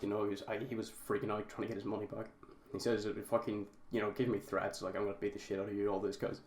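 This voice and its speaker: A man's voice: on the low side, level tone, quick pace, darkish tone. A young man casually telling a story to his viewers, rambling and often calling them guys. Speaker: vlogger. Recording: roomy echo, faint background noise.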